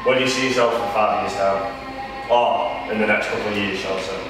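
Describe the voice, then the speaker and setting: A man's voice: fairly low pitch, fairly even intonation, fast, over music. A man asking brief, joking interview questions to a wrestler. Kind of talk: casual interview. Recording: echoey room from far off.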